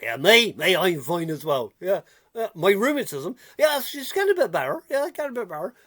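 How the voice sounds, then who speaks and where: A man's voice: high voice, big pitch swings, fairly quick, fairly bright tone, full character voice. A man playing a chatty, giggly old countryman with rheumatism, rambling folksy gossip and repeating himself in a comic character video. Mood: gossipy.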